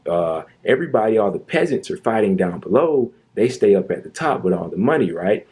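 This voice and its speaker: Man, low husky voice, mellow tone, indignant sarcastic commentary monologue. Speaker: commentary youtuber.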